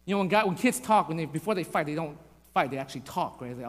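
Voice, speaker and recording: A man preaching a sermon, telling a childhood story with lively, acted-out voices. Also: high voice, quick pace, big-room sound. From Vietnamese family. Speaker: pastor.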